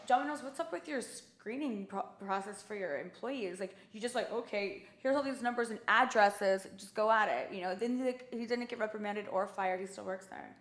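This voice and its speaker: A woman's voice: mid-range voice, normal speed, hardly any pauses. A woman being interviewed, telling stories casually with lots of fillers and quoted dialogue. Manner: chatty storyteller, many fillers. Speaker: interview guest.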